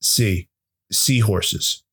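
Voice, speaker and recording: A man's voice: lowish voice, drawn-out words, a bit bright, husky. A man on a podcast telling a rambling, self-deprecating story, full of cursing and restarts. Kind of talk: casual comedic storytelling.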